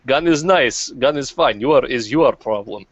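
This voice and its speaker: A man doing a mock Russian soldier voice in broken English, high and indignant, on dull lo-fi audio. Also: lively intonation, moderate pace, slightly rough, dry recording. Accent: fake Russian.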